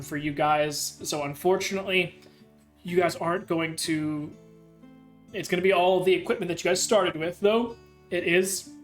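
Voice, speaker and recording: A man acting as game master who chats casually and then calmly lays out plans for the campaign. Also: fairly high pitch. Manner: easygoing, methodically laying out plans. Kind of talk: casual chat.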